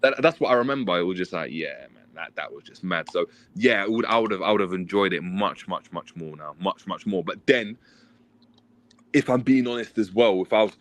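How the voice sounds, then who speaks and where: Man, 30s, chatty former player, lowish voice, slangy and animated storyteller. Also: brisk. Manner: animated storytelling, mimics a shouting coach. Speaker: former footballer, podcast guest. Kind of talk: casual chat.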